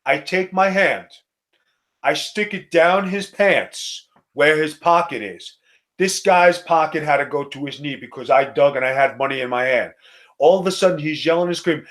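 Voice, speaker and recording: A middle-aged man from Staten Island, telling a profane, animated wrestling story in a casual chat. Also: fairly high pitch, normal speed. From Staten Island, New York. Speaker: co-host, former wrestler.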